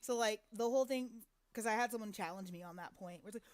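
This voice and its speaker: A woman co-hosting a casual podcast chat, blunt and opinionated and quick to laugh. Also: medium pitch, dry recording. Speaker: podcast co-host.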